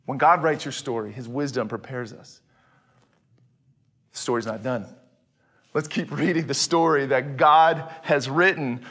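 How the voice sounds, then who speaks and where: A man preaching a sermon, animated, often dropping to a hushed voice for emphasis. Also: medium pitch, unhurried, long pauses. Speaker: pastor.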